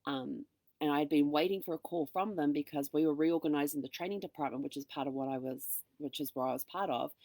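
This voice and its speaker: Low-voiced woman telling a story. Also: quick pace, no room sound. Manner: animated, acts out quoted dialogue. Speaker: host. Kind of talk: casual storytelling monologue.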